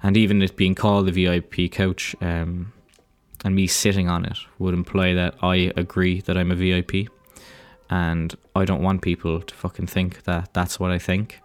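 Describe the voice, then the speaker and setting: A man's voice: deep voice, monotone, normal speed, dry recording. An Irish man hosting a solo podcast, talking in a rambling, profane, self-deprecating way. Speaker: podcast host. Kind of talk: casual solo podcast monologue.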